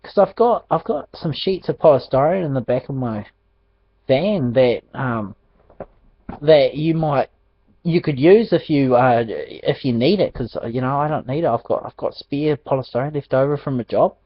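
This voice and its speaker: A man's voice: medium pitch, expressive, normal speed, muffled recording. A man voicing his own father, a friendly and helpful middle-aged dad who keeps eagerly offering things.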